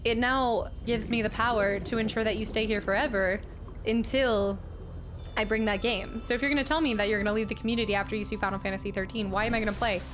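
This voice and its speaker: A woman's voice: a little high, fairly even intonation, fast talker, over music. A woman game streamer chatting casually with her viewers while she plays, laughing often and getting giddy over the game. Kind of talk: casual live-stream chat while playing.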